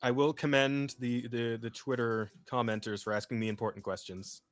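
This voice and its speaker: A man in casual podcast chat, swearing freely and laughing through his reactions. His voice sits at an ordinary middle pitch, and a little music plays faintly under him. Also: little pitch movement, normal speed. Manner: profane, laughing, loose rambling. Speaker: podcast co-host.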